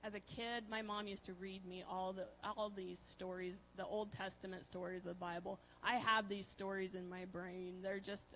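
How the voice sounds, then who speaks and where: A woman preaching a conversational sermon, asking her listeners questions and using many fillers. She swings between loud emphasis and soft, hushed lines. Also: mid-range voice, a little hiss or hum, poor audio. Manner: chatty, asks the audience questions, many fillers.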